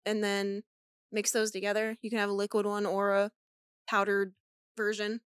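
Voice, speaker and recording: A woman co-hosting a casual podcast, chatty, foul-mouthed and quick to laugh. Her voice sits at an ordinary middle pitch. The sound is dry and close, with no room echo. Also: completely flat delivery, smooth. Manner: chatty, swears freely, laughs often. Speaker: podcast co-host. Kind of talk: casual chat.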